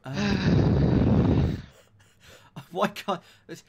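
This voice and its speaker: A man's voice: high-pitched, extremely slow, warm tone, slightly rough, dull audio. A man streaming a puzzle game in a casual chat, cracking jokes and reading the on-screen text aloud. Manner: jokey, reads game text aloud with quips. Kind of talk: casual let's-play chat.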